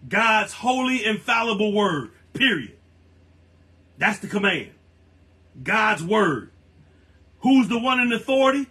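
A man preaching a sermon, stressing key phrases and repeating them slowly. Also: high-pitched, bright, forceful tone, poor audio.

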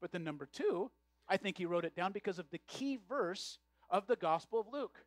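A man's voice: sits high, lively intonation, moderate pace, no room sound. A male pastor preaching a sermon, often repeating words as he restarts his phrases.

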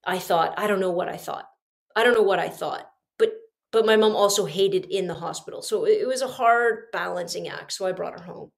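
A middle-aged podcast host shares a personal story in an earnest, confiding way, speaking straight to her listeners. Her mid-range voice is creaky and she keeps a moderate pace.

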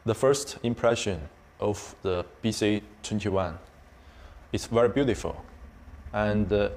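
A male clarinetist listing his impressions of a new instrument deliberately. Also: on the low side, darkish tone. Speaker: clarinetist giving feedback.

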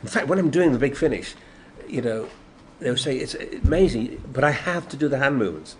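A fairly quick, mid-range male voice belongs to an older actor from Yorkshire, England, speaking with a Yorkshire English accent. Interviewed as a guest in a noisy convention room, he tells his stories with gusto, voicing the quotes and laughing a lot.

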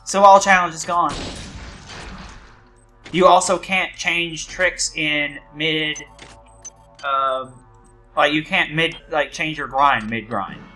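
Bright, animated male gamer co-host, slightly high voice, jokey and quick to protest. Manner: joking, explains at length, easily exasperated. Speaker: let's play co-host. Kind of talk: casual gaming chat.

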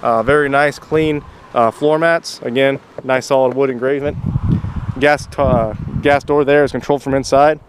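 Outdoors at a car lot, on a noisy recording, a man speaks at normal speed in a medium-pitched voice with fairly even intonation. As a salesman giving a used-car walkaround video, he addresses the buyer as "sir" and repeats "very, very."

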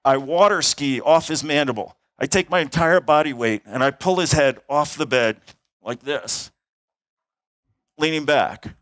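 His voice runs on the high side, a little slow and a bit bright, with no echo. The middle-aged emergency physician and airway instructor is presenting at a conference hall, acting out the dialogue and sounds of a case story.

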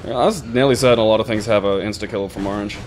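A man's voice: lowish voice, steady tone, rapid-fire, a little mellow, soft background music. A man chatting casually over a video game, offering tips to his co-player and laughing easily. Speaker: let's play co-host. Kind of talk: casual gameplay commentary.

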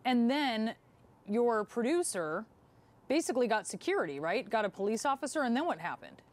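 A woman's voice: on the high side, sing-song, normal speed. A woman from the United States anchoring a TV news interview, firm and earnest.

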